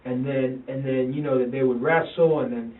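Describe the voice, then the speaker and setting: A man, a father in a police interview, talking haltingly, repeating himself and quoting his sons. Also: medium pitch, steady tone. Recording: tinny, roomy, distant interview-room recording.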